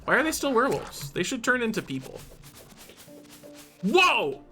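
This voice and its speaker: Excitable streamer with a lively, bright voice. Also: mid-range voice, quick pace, faint music behind. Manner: excitable, jumping between shrieks and muttering. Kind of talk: live gameplay commentary.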